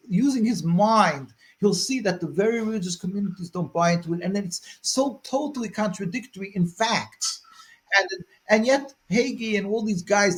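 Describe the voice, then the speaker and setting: A high-voiced man, a rabbi, answers interview questions in long earnest stretches. He repeats words while finding his thought and then presses his points with force. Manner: rises to forceful emphasis.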